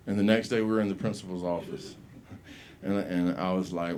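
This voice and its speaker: A man's voice: on the low side, moderate pace, darkish tone. A man telling a profane story as a stand-up comic at an open mic, acting out the people he quotes. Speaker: stand-up comedian. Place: comedy club stage.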